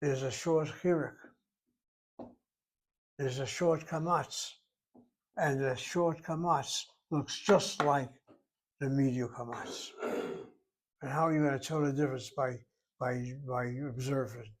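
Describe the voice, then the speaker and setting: A man's voice: mid-range voice, steady tone, slow, long pauses. An older man teaching a Hebrew lesson, explaining rules methodically and repeating key points as he writes on a board. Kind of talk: classroom lecture at a whiteboard.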